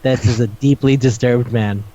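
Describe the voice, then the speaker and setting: A man's voice: medium pitch, fairly even intonation, normal speed, warm tone. A man co-hosting a casual podcast, ranting with exasperation and swearing as he talks through a manga. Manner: profane, exasperated ranting with acted-out quotes. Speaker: podcast co-host. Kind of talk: casual chat reviewing a manga. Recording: dull lo-fi audio.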